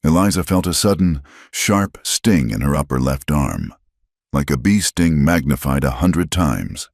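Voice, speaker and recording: A man's voice: extremely low pitch, lively intonation, unhurried, gravelly, a little mellow, no echo, studio quality. A man giving dramatic scripted narration of a story.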